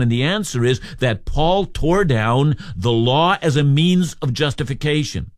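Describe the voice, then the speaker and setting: A man's voice: medium pitch, expressive, no room sound, studio quality. Emphatic man preaching a Bible text. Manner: measured, emphatic expository delivery. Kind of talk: radio Bible teaching.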